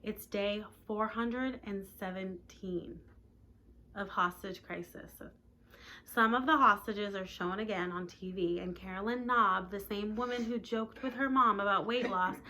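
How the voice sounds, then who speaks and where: Woman reading aloud, teacher, bright clear tone, chatty asides, faint background hiss. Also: medium pitch, a little slow.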